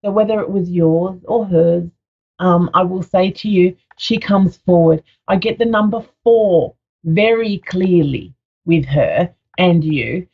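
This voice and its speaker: A woman's voice: on the low side, a little slow, creaky, slightly rough, phone-quality sound. A woman psychic medium giving a live radio reading in a soothing, affectionate way, often calling the caller sweetheart.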